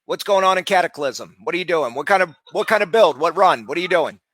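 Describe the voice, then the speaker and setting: A man live streaming, talking casually and loudly berating people with heavy profanity. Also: fairly high pitch, lively intonation, fast, dry recording.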